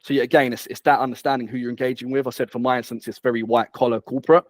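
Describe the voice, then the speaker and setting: A man's voice: medium pitch, level tone, racing, no room sound. A man, a headhunter speaking as an interview guest. He talks with energy and repeats words as he starts phrases. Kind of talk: conversational interview.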